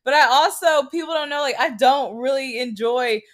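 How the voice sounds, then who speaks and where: Excitable young woman chatting. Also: high-pitched, normal speed. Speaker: podcast co-host. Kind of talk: casual chat.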